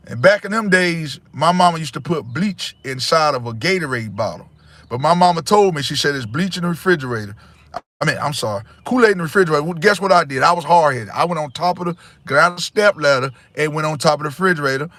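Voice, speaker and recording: A man's voice: sits high, pushed and bright, dry recording. A man hosting a casual livestream, talking bluntly and repeating himself as he lectures his viewers. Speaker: livestream host.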